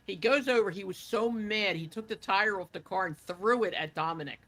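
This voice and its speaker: Chatty lady guest rambling thru old stories, bright sharp voice, lots of ums. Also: on the low side, fairly quick, few pauses. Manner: chatty, rambling with many fillers. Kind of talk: casual storytelling interview.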